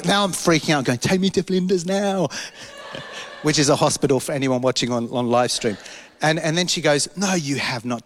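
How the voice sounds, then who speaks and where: A man preaches in a church hall, his fairly high voice carrying a long reverb tail. He tells a personal story with lively energy, acting out the voices and laughing at himself as he goes. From London. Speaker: pastor.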